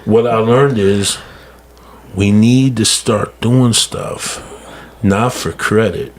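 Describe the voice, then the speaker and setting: His voice is lowish, steady in tone and slow. As a mental health guest in a podcast studio, he speaks earnestly in a casual, emphatic way, repeating words frequently and addressing people as "bro."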